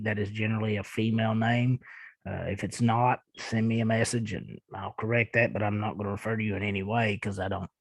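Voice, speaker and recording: A man's voice: fairly low pitch, gravelly, no room sound, low-quality recording. Man with a thick Eastern Kentucky accent. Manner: laid-back, chuckling, self-deprecating. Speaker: podcast host. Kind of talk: casual chat reading listener emails.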